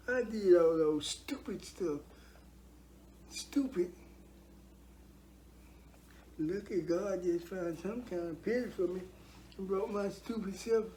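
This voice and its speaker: Earnest older man giving testimony, mellow voice. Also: sits high, a little hiss or hum. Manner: earnest, preachy, repeats himself for emphasis. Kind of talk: heartfelt spoken testimony.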